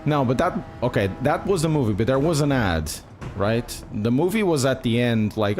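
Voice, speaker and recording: A Portuguese-accented man streams himself sim racing and talks straight to his chat, swearing freely as he goes. His voice sits at an ordinary middle pitch but rises and falls in a lively, animated way. Soft music plays faintly behind him. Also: normal speed. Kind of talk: live-stream commentary while gaming.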